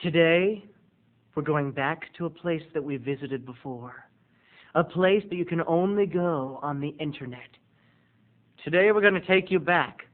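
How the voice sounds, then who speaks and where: A man's voice: fairly high pitch, unhurried. A man from Maryland rambling through a casual storytelling vlog, chatty with playful dramatic swings, recorded with tinny lo-fi sound. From Maryland, USA. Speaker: video blogger.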